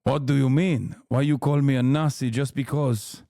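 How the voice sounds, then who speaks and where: A defensive, put-upon Argentinian man, as a streamer puts him on in a broken-English parody voice. The voice sits at a middling pitch and sounds close and dry. It is played as a joke, with overdone indignation. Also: fairly even intonation, normal speed, warm tone, dry recording, close to an everyday voice. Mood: mock defensive. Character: mocking jokey Argentinian man, defensive about his grandfather.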